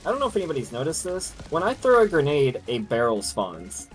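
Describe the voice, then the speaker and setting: A man's voice: fairly high pitch, wildly swooping pitch, fairly quick, soft background music. A man chatting offhandedly with teammates during a co-op game stream. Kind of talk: casual gameplay chat.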